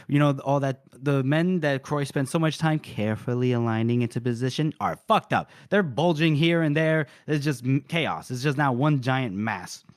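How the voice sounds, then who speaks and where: A man's voice: medium pitch, dry recording, studio quality. A man co-hosting a casual book podcast, retelling scenes animatedly, swearing and acting out the lines. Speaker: podcast co-host.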